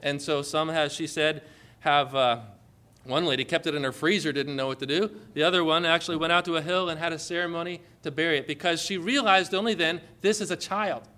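A man preaching a sermon with passion, building to emphatic, forceful proclamations. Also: fairly high pitch, fairly quick.

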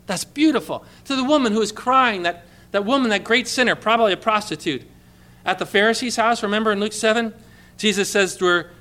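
A man preaching a sermon, emphatic, repeating key phrases and dropping to a hush for quoted lines. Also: high-pitched, fairly quick.

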